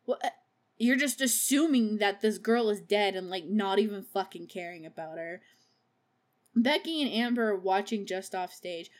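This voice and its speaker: A woman's voice: mid-range voice, moderate pace. Giggly, profane woman podcast host. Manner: profane and laughs often; gushing about favorite characters. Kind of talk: casual movie recap.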